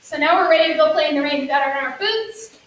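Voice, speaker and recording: A woman's voice: sits high, animated, quick pace. A woman leading a children's story yoga class, reading a counting story in a sing-song, encouraging voice with playful sound effects. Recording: echoey room, distant mic, faint hiss.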